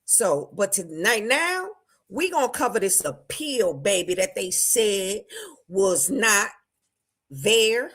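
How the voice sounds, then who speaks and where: Lively woman hosting a livestream. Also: takes it slowly. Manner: lively, greets viewers by name, swings between loud and low. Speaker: livestream host. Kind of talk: casual livestream chat.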